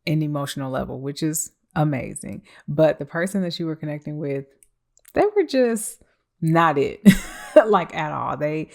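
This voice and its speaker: A woman with a low, deep voice reads tarot for her listeners. She talks in a playful, sassy way, laughing often and acting out what the listener might say. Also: gravelly, darkish tone. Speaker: tarot reader. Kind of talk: tarot reading monologue.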